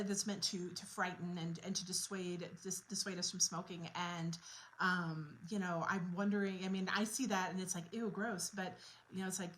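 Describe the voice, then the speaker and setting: A woman's voice: lowish voice, a little hiss or hum, poor audio. A woman working as a quit-smoking coach, talking casually to camera in an earnest, reflective way as she thinks aloud.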